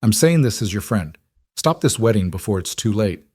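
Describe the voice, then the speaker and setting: A man voicing a blunt, worried male town doctor on the frontier, warning in low, urgent tones in a storybook reading. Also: big pitch swings, moderate pace, darkish tone, slightly rough, dry recording, studio quality.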